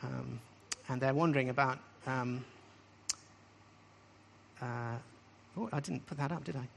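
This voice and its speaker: In a gravelly, medium-pitched voice and a somewhat slow pace, a preacher teaches on scripture to a live group, with a bit of hiss or hum in the recording. He drives his points home emphatically, repeating key phrases and often raising his pitch into a question at the end.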